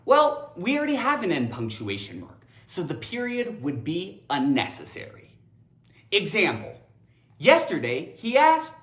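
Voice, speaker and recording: Animated woman teaching grammar, echoey room. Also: on the low side, measured pace. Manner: animated, theatrical, addresses viewers directly. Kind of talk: playful video lesson.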